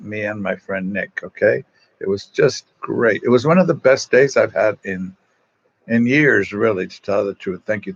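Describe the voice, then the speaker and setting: A man's voice: on the low side, breathy edge. Man, casual storyteller, self-mocking, talking into a propped phone, dull lo-fi sound. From East Los Angeles. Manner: chatty, self-mocking, reads out viewer comments. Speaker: Salesian religious brother on a livestream. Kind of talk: casual storytelling to online viewers. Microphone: phone propped at an angle.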